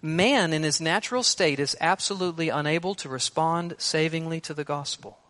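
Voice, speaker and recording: A man preaching an expository sermon, emphatic and shifting between loud stresses and hushed words. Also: a little high, fairly quick.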